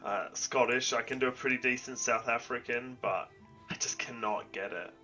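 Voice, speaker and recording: A man's voice: medium pitch, steady tone, moderate pace, pushed and bright, lo-fi sound, soft background music. A man chatting casually as a player, rambling with lots of fillers. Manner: eager, rambling with fillers like 'like'. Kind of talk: casual chat.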